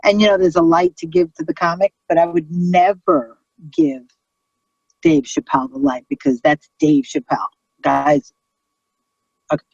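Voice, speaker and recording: Brash, husky New woman. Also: lowish voice, moderate pace, pauses often, no echo, highs cut off. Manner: brash, profane, animated storyteller. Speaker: comedian guest. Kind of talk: casual storytelling chat.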